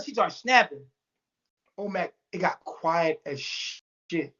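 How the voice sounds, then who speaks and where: A man's voice: high voice, animated, a little slow, a bit bright, muffled recording. A man telling a story in casual talk, acting out every quote with big jumps in his voice and swearing freely. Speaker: storyteller guest. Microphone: remote call mic.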